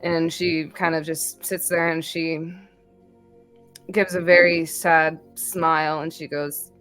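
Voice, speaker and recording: A woman player describing her character's actions in a tabletop game, gentle and descriptive with small hesitations. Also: deep voice, level tone, slow pace, faint music behind. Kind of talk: tabletop role-play narration.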